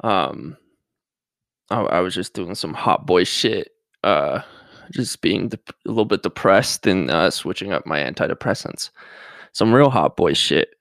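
Low gravelly young man, rambling. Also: expressive, measured pace, a bit bright, dry recording. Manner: rambling and hesitant, full of fillers and restarts; self-mocking jokey asides. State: a little nervous. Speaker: podcast host. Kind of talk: casual solo podcast monologue.

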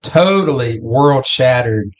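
A man's voice: mid-range voice, animated, slow. A man co-hosting a podcast, chatting casually about a film and acting out some of its lines. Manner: chatty, acts out movie lines. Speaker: podcast co-host.

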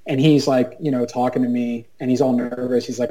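A man with a mellow, relaxed voice talks casually as a guest on a video call. He rambles, circling back with fillers and restarts as his thoughts catch up. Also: mid-range voice, brisk, few pauses, poor audio. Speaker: guest, writer. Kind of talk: casual chat.

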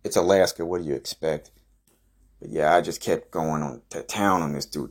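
A young man hosting a podcast, telling an absurd, profane, boastful story in a rambling deadpan way. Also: extremely low pitch, moderate pace. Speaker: podcast host.

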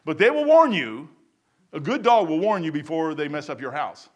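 A man preaching a sermon in a folksy, rambling way, swinging between loud bursts and quiet asides. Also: fairly high pitch, very animated, moderate pace, highs cut off. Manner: folksy and rambling, with stumbles and chuckles.

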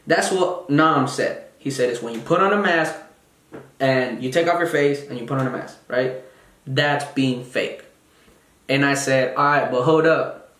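Young man, slightly high voice, blunt profane storytelling, echoey room. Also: a bit bright. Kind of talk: casual monologue. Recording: roomy echo.

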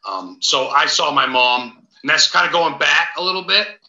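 A man, a paranormal investigator, chatting as a podcast guest, telling stories in an excitable, rambling way with casual swearing. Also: on the high side, normal speed. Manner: excitable rambling storyteller, swears, calls host dude and big dog. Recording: roomy, dull lo-fi sound.

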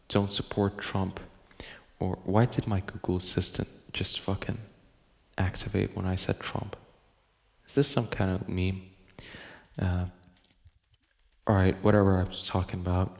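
A man's voice: low voice, gravelly, big-room sound. A man hosting a casual podcast from home, rambling and joking with lots of profanity and laughter. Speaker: podcast host. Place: home room.

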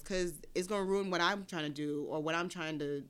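A woman co-hosting a podcast, chatting casually, telling a story in an animated way, acting out quotes and swearing freely. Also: lowish voice, moderate pace, clean tone. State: tearful, crying while telling a story. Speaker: podcast co-host. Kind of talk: casual chat.

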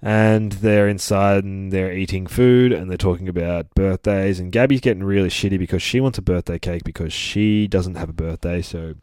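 A man hosting a comic book podcast, gushing and swearing excitedly in a rambling casual review. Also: low-pitched, normal speed, hardly any pauses, clear, resonant tone, no room sound, studio quality. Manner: rambling, with many fillers.

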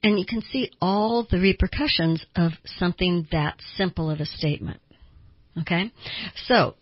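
A woman's voice: fairly low pitch, moderate pace, husky, no echo, muffled recording. A woman therapist hosting a radio talk show, explaining things earnestly with small laughs.

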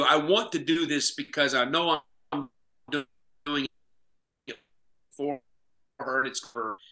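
Slow, bright-voiced man thinking aloud. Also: on the high side. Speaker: podcast co-host. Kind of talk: casual conversational podcast.

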